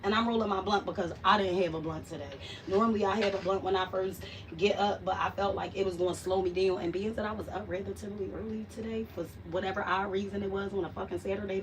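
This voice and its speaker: A woman's voice: mid-range voice, far from the mic, a little hiss or hum. Profane chatty woman vlogging from afar. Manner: loose, profane, chatty with viewers, drifting between soft murmur and loud bursts. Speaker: vlogger hosting a live stream. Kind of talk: casual live-stream chat. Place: at home.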